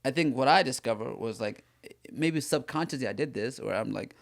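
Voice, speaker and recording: A young man from Sudan, a comedian co-host telling animated stories in casual podcast chat, often laughing and restarting his sentences. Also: mid-range voice, fairly quick, gravelly.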